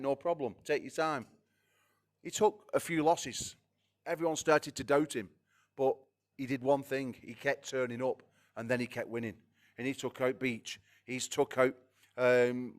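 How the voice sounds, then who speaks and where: A man promoting fights at a press conference, excitable, swearing and stumbling over repeated words. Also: medium pitch.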